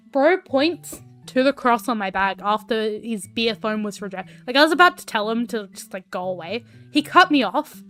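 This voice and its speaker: A woman's voice: fairly high pitch, a bit bright. A woman streamer telling a story casually while she draws, rambling with lots of fillers and swearing.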